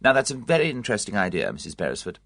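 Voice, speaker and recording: A reader voicing a cheerful, competent matron of about fifty, chatty, brisk and comfortable. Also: low voice, big pitch swings, creaky, fairly bright tone, no echo, clean studio sound, heavily acted.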